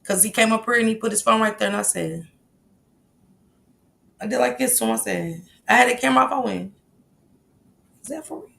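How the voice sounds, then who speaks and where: A woman's voice: fairly high pitch, fairly quick, creaky, long pauses, fairly bright tone. A woman hosting a casual livestream, reading the chat aloud and bluntly scolding commenters. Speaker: livestream host.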